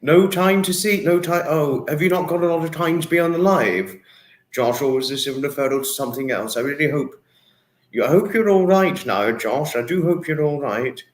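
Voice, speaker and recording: A man's voice: fairly high pitch, normal speed. A man hosting a casual livestream, reading out viewer comments in an emotional, repetitive way. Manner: emotional, repetitive, dwells on words. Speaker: livestream host. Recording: echoey room.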